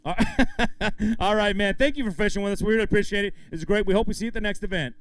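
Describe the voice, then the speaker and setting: A man's voice: sits high, fast, a bit bright. A man emceeing a live fishing tournament weigh-in outdoors, hyping up the crowd and the anglers as he calls out weights. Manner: upbeat, hypes up the crowd and anglers.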